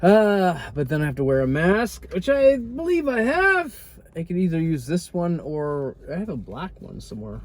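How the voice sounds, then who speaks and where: A man's voice: high-pitched, huge pitch swings, normal speed, few pauses. A man chatting casually as a travel vlogger, rambling and easily distracted, with dry joking asides. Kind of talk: casual vlog chat to camera.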